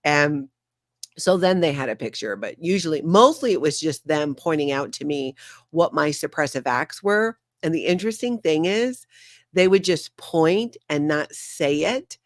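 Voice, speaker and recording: A woman's voice: sits low, lively intonation, normal speed, no echo. Chatty middle-aged woman, dry close mic. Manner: chatty, laughs often, tries out playful accents. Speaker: host. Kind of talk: casual chat.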